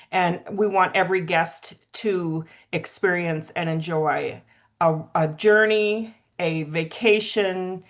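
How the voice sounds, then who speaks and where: A woman's voice: lowish voice, muffled recording. A woman presenting a cruise line on a video call, upbeat and chatty, with a self-deprecating streak. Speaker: cruise line sales partner. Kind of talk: casual webinar presentation.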